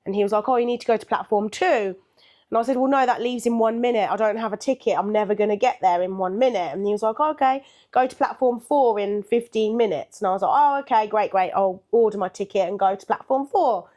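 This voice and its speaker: A woman's voice: medium pitch, fast, a little mellow. An older woman, a podcast co-host, telling a story in casual chat with a chatty manner, laughing often and acting out what people said.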